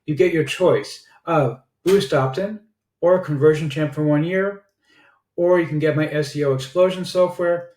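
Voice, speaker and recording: Chatty salesy man in an echoey room. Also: a little mellow. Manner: chatty sales pitch with frequent filler "uh"s. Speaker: online marketer reviewing software. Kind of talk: casual product review screencast. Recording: roomy echo.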